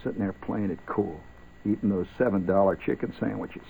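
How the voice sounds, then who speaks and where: Low, gravelly wry man on old radio. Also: fairly quick. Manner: wry, meandering, talks straight to listeners. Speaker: late-night radio host. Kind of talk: rambling ad-libbed radio talk. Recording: tinny old radio broadcast with faint hiss.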